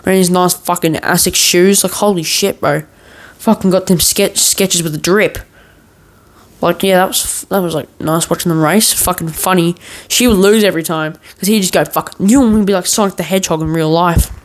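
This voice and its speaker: A podcast host rambles through a long, casual story in a meandering, joking way, full of swearing and restarts. His voice is high-pitched and steady in tone, fairly quick, and the recording is rough.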